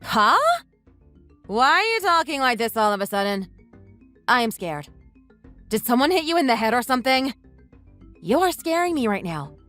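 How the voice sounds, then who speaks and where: A synthetic woman's voice plays a scornful young wife, sharp-tongued and scolding. Her pitch sits fairly high and leaps around expressively. Soft music plays underneath. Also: big pitch swings, moderate pace, long pauses. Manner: mocking, scolding. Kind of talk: text-message story voice-over.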